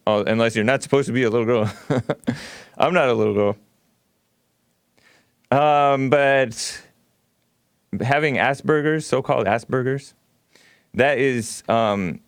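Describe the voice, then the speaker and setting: A man's voice: mid-range voice, clear, resonant tone, no room sound. A man hosts a call-in radio show and pushes back on callers in a blunt, provocative way. His voice sits in a middle range. The studio sound is dry and close. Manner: blunt, provocative, laughs often. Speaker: radio talk show host.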